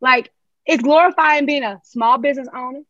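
A woman's voice: high-pitched, normal speed, a bit bright, no echo, dull audio. A woman from Charlotte with a North Carolina Southern accent, talking as a podcast guest in an emphatic, passionate way, often tagging "right?". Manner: emphatic, passionate, tag questions. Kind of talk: podcast conversation.

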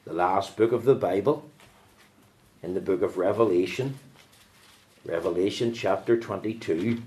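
A man preaching a sermon in a church, swinging from loud fervent calls to low hushed asides.

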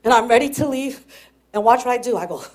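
A woman pastor preaching a sermon, telling a personal story in an animated way, laughing and breaking into shouts. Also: a little high, quick pace.

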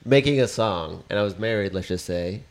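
A man's voice: lowish voice, fairly quick. A man co-hosting a comedy podcast in casual, joking chat and keeping the show moving. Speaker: podcast co-host.

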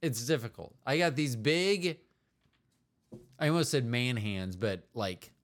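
A man's voice: mid-range voice, animated, a little slow. A man co-hosting a podcast, chatting casually with his partner in a rambling, joking, self-deprecating way. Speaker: podcast co-host.

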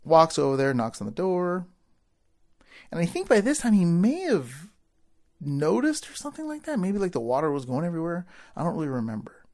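A man telling a personal story to a crowd, acting out the people in it and swinging from quiet asides to loud bursts. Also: on the high side, a little fast. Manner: animated storyteller, acts out voices of people in the story. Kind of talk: storytelling speech.

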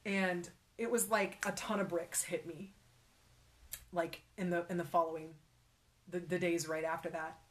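In conversation, a young woman recounts a personal faith story, her speech halting, emotional and full of fillers, at times dropping to a whisper. Her voice sits on the low side with fairly even intonation.

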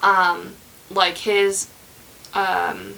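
A woman's voice: medium pitch, level tone, extremely slow, gravelly, bright, forceful tone, low-quality recording. A young woman hosting a podcast, telling a true crime story in casual chat, rambling with many fillers and restarts.

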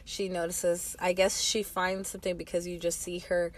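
A woman's voice: lowish voice, level tone, normal speed. A woman casually recapping a movie, often backing up her friend and filling in plot details. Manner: backchannels a lot, fills in plot details.

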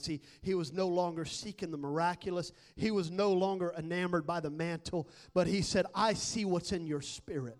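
A man preaching a sermon, telling a personal story and building to shouted exhortation. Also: high-pitched, moderate pace, hardly any pauses.

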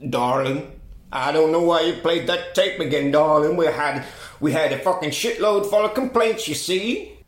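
A man's voice: fairly high pitch, normal speed, lightly acted. A man voicing an exasperated, crude-talking male radio station boss, close to his own voice, recorded in an echoey room.

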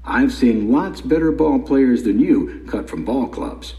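A man's voice: medium pitch, lively intonation, a little slow, dark tone. Man voicing an emphatic older baseball mentor. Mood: challenging. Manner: emphatic, questioning, firm. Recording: roomy echo.

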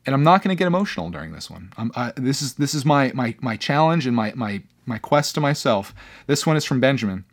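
A young man hosting his own podcast, talking casually and earnestly, with many fillers and restarts, reading out viewer comments. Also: medium pitch. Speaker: podcast host. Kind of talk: casual solo podcast talk.

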